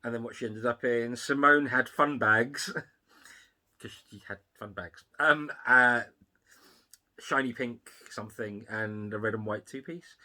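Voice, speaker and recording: Man, very bright tone, casual co-host chat, quick asides. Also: mid-range voice. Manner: chatty, quick asides, laughs often. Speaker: podcast co-host.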